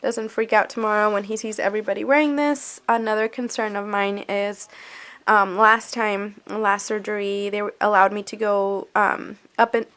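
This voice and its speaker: A woman's voice: level tone, moderate pace, a bit bright. A young woman vlogging as a mother, talking anxiously and rambling with fillers and trailing thoughts. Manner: breaks into high playful baby talk with her son. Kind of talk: casual vlog to camera.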